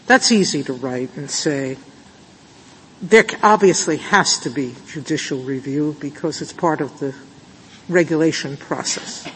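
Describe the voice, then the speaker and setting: A woman's voice: low-pitched, a little slow. A woman judge questioning counsel in court, thinking aloud with many hesitant fillers. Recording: reverberant courtroom audio with faint hiss.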